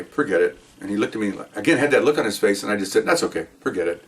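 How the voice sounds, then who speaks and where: Fast-talking older man telling cop stories. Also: fairly low pitch, recorded from a distance. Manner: rambling, animated, keeps adding "okay?". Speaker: retired police officer telling stories. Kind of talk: casual storytelling monologue.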